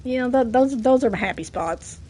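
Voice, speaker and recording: A chatty woman with a Southern US accent, her voice sitting a little high. She streams a game and talks loosely with viewers, stumbling over words and laughing at herself. A lingering cough roughens her now and then. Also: expressive, brisk, warm tone. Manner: chatty, self-deprecating, stumbles and laughs often. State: coughing from a cold. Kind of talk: casual stream chat.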